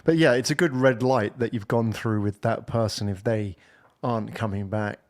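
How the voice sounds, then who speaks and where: A man's voice: fairly low pitch, steady tone, normal speed. A man hosting a podcast interview, agreeing often and prompting his guest with questions. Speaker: podcast host. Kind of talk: conversational interview.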